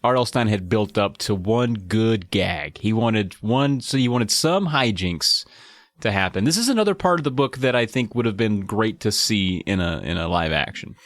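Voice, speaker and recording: A man's voice: on the low side, animated, a bit bright, no echo. A man co-hosting a podcast, chatting about a book in an amused, easygoing way. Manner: chatty, amused, quick to laugh along. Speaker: podcast co-host. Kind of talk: casual chat about a book.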